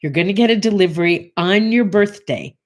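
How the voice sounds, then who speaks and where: A woman's voice: medium pitch, brisk. A woman in her sixties hosting a morning show, telling a casual story and acting out the voices of the people in it. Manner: animated, acts out voices in her anecdotes.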